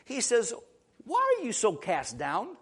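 A man preaching a sermon to his congregation, repeating words as he builds emphasis and swinging between quiet asides and loud proclamations. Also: very high-pitched, wildly swooping pitch, measured pace, breathy edge. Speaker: pastor.

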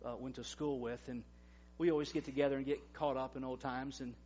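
A man in his forties, a pastor preaching a sermon in a conversational way, swinging between loud emphasis and quiet asides. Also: mid-range voice, steady tone, a little fast. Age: 40s. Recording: dull, lo-fi recording.

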